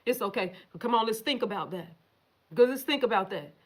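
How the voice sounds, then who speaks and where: A woman's voice: a little high, animated, brisk. A woman hosting a casual livestream, reading viewer comments and answering them in a profane, emphatic way straight to her viewers.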